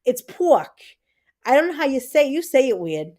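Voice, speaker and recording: A woman's voice: high voice, big pitch swings, normal speed, a little mellow. Chatty Puerto Rican woman in her thirties. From Puerto Rico. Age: 30s. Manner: chatty, reads out chat comments, frequent fillers and repeats. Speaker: livestream host. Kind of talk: casual chat with viewers.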